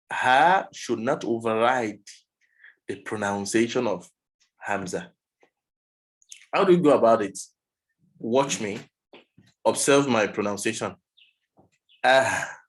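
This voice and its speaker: Man, pronunciation tutor, slow and unhurried, medium pitch, patient, models sounds over a video call. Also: poor audio. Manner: patient, repeats sounds for the student to copy. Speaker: Arabic pronunciation teacher. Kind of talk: one-on-one online tutoring.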